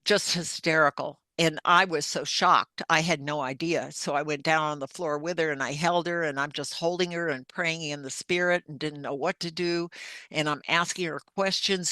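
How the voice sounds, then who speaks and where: A woman's voice: sits low, bright, forceful tone, no room sound. An older woman, a podcast guest, earnestly recounting a personal story in vivid detail. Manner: earnest, vivid retelling with acted-out dialogue.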